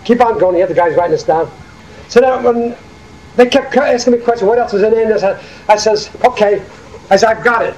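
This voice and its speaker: Elderly new man, very high voice, lively oral history storytelling, echoey room. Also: fast, lo-fi sound, slight background noise. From Hackensack, New Jersey. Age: older. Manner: animated, acts out quoted dialogue. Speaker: war veteran interviewee.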